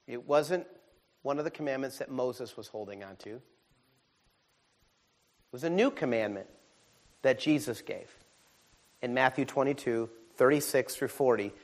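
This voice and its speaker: A man preaching a sermon as a pastor, animated and humorous, swinging from quiet asides to shouted exclamations. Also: mid-range voice, moderate pace, long pauses. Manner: humorous, self-deprecating.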